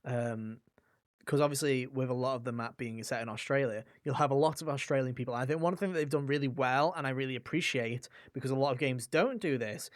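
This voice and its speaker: A man's voice: medium pitch, dry recording, studio quality. A young man co-hosting a casual gaming podcast, enthusiastic and rambling, full of fillers and restarts. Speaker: podcast co-host.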